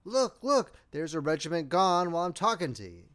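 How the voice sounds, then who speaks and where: Man doing a trench soldier yelling in amazement, high and loud. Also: brisk. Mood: amazed excitement. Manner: bellowing, excited. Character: astonished common British soldier in a trench.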